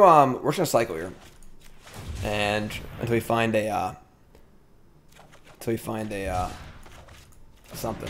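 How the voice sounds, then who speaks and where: Over slight background noise, a middle-aged man with a medium-pitched voice casually tells a story while gaming on stream. He's chatty and rambling, regularly cutting himself off to comment on his card-game moves.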